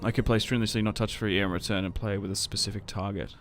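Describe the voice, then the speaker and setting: A man's voice: lowish voice, steady tone, fast, a bit bright, faint music behind. A young man with an Australian accent, chatting casually to viewers on a strategy game livestream, rambling with many fillers and restarts. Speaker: streamer.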